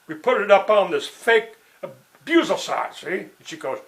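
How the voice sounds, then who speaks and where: A man's voice: high-pitched, sing-song, a little slow, creaky, long pauses, a bit bright, low-quality recording. A man talking in a rambling, digressive monologue, full of "you know" and "see" and restarts. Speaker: writer and blogger.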